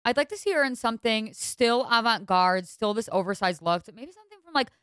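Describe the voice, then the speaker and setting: A young woman hosting a podcast, chatting casually about fashion in an animated, exasperated and gushing way. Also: on the high side, fairly quick, smooth, no room sound. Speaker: podcast host.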